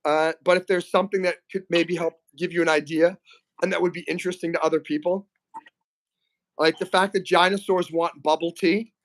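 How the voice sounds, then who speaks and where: A man hosting a casual live stream, reading out chat messages and talking to a guest, often clearing his throat. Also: sits high, steady tone, a little fast. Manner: chatty, reads chat aloud, frequent throat clearing.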